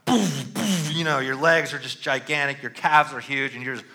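A middle-aged man preaches with a bright, forward tone. He talks casually to the congregation, stopping often to ask "all right?" The pitch sits in a typical male range. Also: steady tone, brisk. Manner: conversational, punctuates with "all right?". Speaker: pastor. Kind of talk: sermon.

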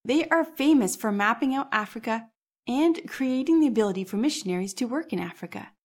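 A woman hosting a church history podcast, narrating from a script in a measured, explanatory way. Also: fairly high pitch, animated. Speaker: podcast host.

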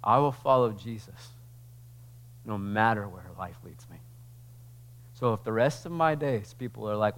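A male pastor preaching a conversational sermon to his church, building from casual asides into loud, drawn-out emphatic passages. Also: fairly low pitch. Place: church sanctuary.

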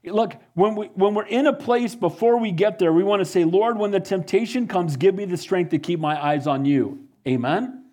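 Male pastor, sermon delivery, slightly high voice, fervent rising emphasis. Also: normal speed, a little mellow. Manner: preaches with rising, fervent emphasis and repeated "Amen?".

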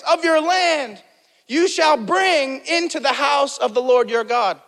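Heard through long hall reverb, this pastor has a very high, creaky, slightly bright voice that is expressive at a moderate pace. He hammers home repeated phrases and calls for responses from the congregation.

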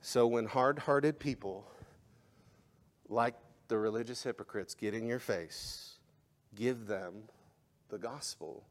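A man preaching a sermon as pastor, impassioned, rising to emphatic peaks and then dropping quiet. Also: fairly low pitch, unhurried. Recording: long hall reverb.

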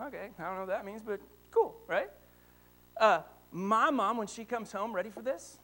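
A high-pitched male preacher in his thirties delivers a sermon full of family anecdotes. He tells his stories with animated energy and lively swings in volume. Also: a little fast. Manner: animated storytelling, rising to excited shouts. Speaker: pastor.

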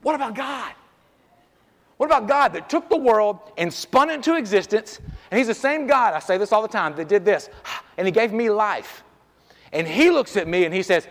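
A man's voice: sits high, normal speed. A middle-aged male pastor preaching a casual, joking sermon, often dropping "man" as he talks, in a church. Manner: lively, conversational, joking, peppered with "man". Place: church sanctuary. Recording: long reverb of a church hall.

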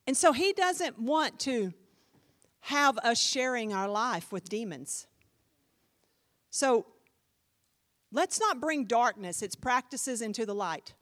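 A woman pastor preaching a sermon in an animated, emphatic way, speaking directly to her congregation. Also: on the high side, slow, long pauses.

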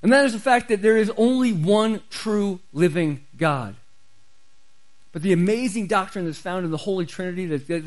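A man's voice: high-pitched, rough recording. A man preaching a sermon as pastor, emphatic and repeating key phrases for stress.

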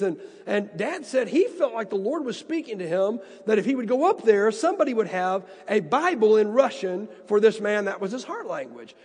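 A man's voice: high voice, darkish tone, husky, big-room sound. A man preaching a sermon and telling personal stories, earnest and prone to repeating words. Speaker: pastor.

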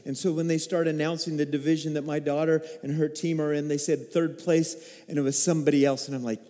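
A middle-aged male pastor delivers a sermon in a high, mellow voice. He tells stories with feeling and swings up into excited, rising peaks. His voice rings through a church hall with a long reverb. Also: quick pace.

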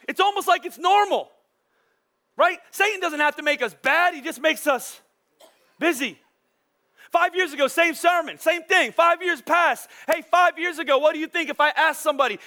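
A pastor delivers his sermon in an animated, chatty way, full of playful asides to the congregation. His voice sits high for a man and has a bright, forceful edge. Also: a little slow, pauses often.

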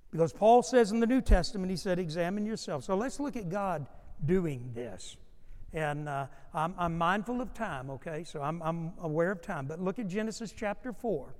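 Guy pastor preaching, kinda high voice, lots of restarts, big echoey church sound. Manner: emphatic preaching with repeated restarts. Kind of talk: sermon. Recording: long hall reverb.

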